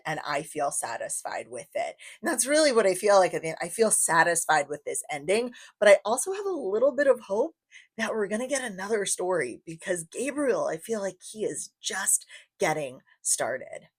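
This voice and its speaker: A young adult woman giving a casual book review, chatty and enthusiastic, repeating phrases for emphasis. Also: lowish voice.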